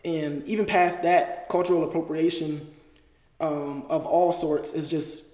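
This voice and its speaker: A young man with a fairly high, mellow voice talks earnestly as a podcast guest, filling his sentences with "uh" and "like." He is recorded in a roomy space with a long reverb tail. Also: steady tone, unhurried. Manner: earnest, explanatory, with frequent fillers. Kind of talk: casual discussion.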